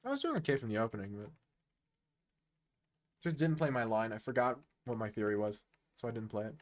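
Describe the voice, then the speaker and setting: A man streaming online chess, chatting casually and thinking aloud, quick to make fun of his own play. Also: medium pitch, animated. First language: English. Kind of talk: casual live-stream commentary.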